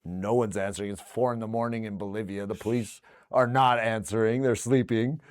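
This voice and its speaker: A man's voice: fairly low pitch, brisk. A man who is a DJ and producer, guest on a talk show, telling a story casually and animatedly with plenty of swearing. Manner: animated, swears a lot, acts out the people in his stories.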